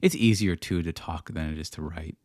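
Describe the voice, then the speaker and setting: A man with a fairly low voice answers viewers on a casual livestream. He rambles and slides into rants, restarting his sentences as he goes. The sound is dry and close. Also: fairly quick, darkish tone, no echo. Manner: rambling, ranting, frequent restarts. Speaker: livestream host answering chat.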